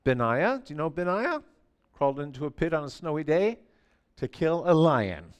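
A man in his sixties preaching a sermon in a church, telling stories animatedly and swinging from quiet asides to near shouting. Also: on the high side, very animated, normal speed, clean tone. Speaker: pastor.

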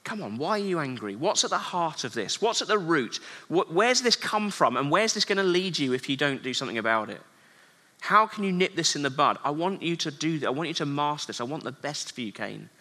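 A man voicing God as a gentle coach who asks probing questions quietly, in a hall with long reverb. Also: a little high, sing-song, slow pace, hardly any pauses, heavily acted. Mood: gentle, coaxing. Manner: soft, pleading questions.

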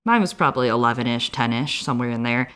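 Low-pitched woman co-host recapping chapters, dry jokes tossed in. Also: fast talker, a bit bright, clean tone. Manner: wry, joking asides while recapping. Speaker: podcast co-host. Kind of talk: casual chat, recapping chapters.

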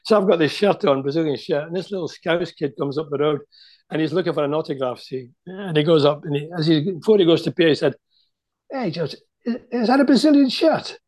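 A man's voice: fairly high pitch, fast talker, a little mellow. Older man telling football stories. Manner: chatty anecdotal storyteller, many restarts. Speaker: guest, former footballer. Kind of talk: storytelling interview.

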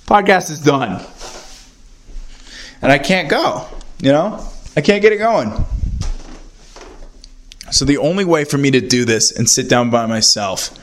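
A man's voice: mid-range voice, normal speed, pauses often. A young man hosting his own podcast, rambling and self-mocking as he talks into a handheld voice recorder indoors at a friend's house. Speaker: podcast host. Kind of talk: casual solo podcast rant.

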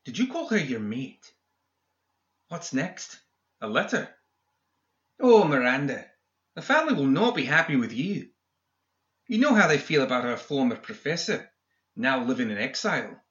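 Storybook villain: a snide, high-voiced uncle doctor, done by a male narrator; bright, roomy, dull sound. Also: sing-song, moderate pace, pauses often. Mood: sarcastic. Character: sneering sarcastic middle-aged male doctor, the uncle.

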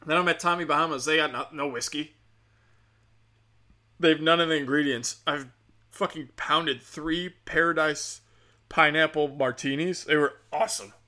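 A man's voice: a little high, fairly even intonation, moderate pace, pushed and bright. A man hosting a podcast, talking in a rambling, profane, sardonic comic monologue. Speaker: podcast host.

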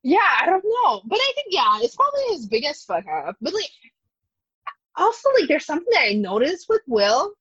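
A woman's voice: sits high, wildly swooping pitch, brisk, a bit bright. A woman chatting casually as a podcast co-host, talking hesitantly with lots of fillers. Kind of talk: casual TV recap chat. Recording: dry, dull lo-fi sound.

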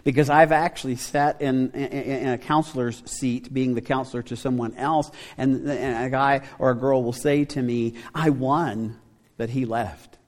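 A man's voice: medium pitch, steady tone, normal speed, hardly any pauses, darkish tone. Man preaching a sermon in a reverberant hall. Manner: conversational preaching with rhetorical questions. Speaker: pastor. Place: church sanctuary. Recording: long reverb of a church hall.

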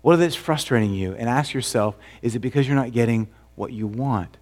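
Man preaching a conversational sermon. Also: brisk. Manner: conversational preaching with rhetorical questions; drops to a soft, low voice for emphasis. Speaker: pastor.

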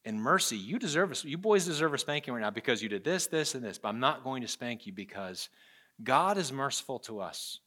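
A man's voice: medium pitch, big pitch swings, brisk, pushed and bright. A man preaching a sermon as pastor, earnest, telling stories and repeating phrases for emphasis.

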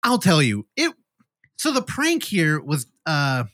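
A male podcast host retells a horror film with animated, swooping delivery and a slightly high voice. He swears freely and drops into quick acted-out lines from the scenes. The sound is dry and close. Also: no echo. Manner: animated, profane, acts out movie scenes. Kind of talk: casual movie review chat.

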